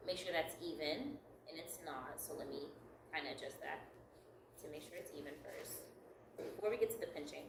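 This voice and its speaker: A woman's voice: sits low, animated, moderate pace, vocal fry, roomy sound, recorded from a distance, noisy background. A woman leading a step-by-step craft tutorial, upbeat and encouraging, laughing lightly at her own slips. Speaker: craft instructor.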